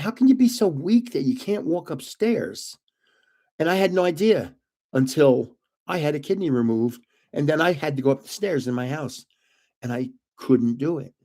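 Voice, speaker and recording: A man's voice: a little high, a little mellow. An older man hosting his own channel, telling rambling backstage anecdotes in a casual, chatty way and chuckling at his own jokes. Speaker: channel host. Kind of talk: casual storytelling.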